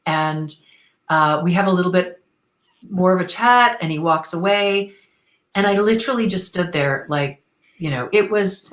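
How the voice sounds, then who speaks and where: A woman from Canada, a guest on an interview show, telling a personal story in an enthusiastic, expressive, spiritual way. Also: fairly low pitch, normal speed, roomy sound, rough recording.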